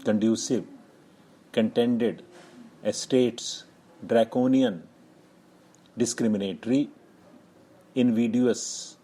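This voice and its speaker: A man, a shorthand teacher, dictating single words slowly with steady pauses between them. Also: medium pitch, low-quality recording. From India. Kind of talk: slow word-by-word dictation.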